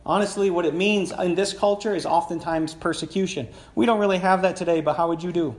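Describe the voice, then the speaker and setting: A man's voice: high-pitched, fairly even intonation, a little fast, echoey room. A man preaching a sermon as pastor, talking conversationally and putting questions to the congregation. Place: church sanctuary.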